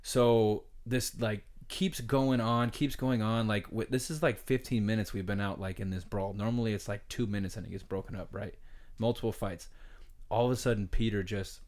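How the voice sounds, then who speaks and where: A man co-hosting a podcast, telling a long rambling story in a casual, animated way with lots of fillers. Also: fairly low pitch, normal speed. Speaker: podcast co-host, retired pro baseball player.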